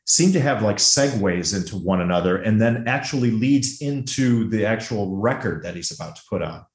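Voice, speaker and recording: A man's voice: lowish voice, animated, moderate pace, echoey room. A man co-hosting a casual movie podcast, talking enthusiastically and laughing as he retells favorite scenes. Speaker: podcast co-host.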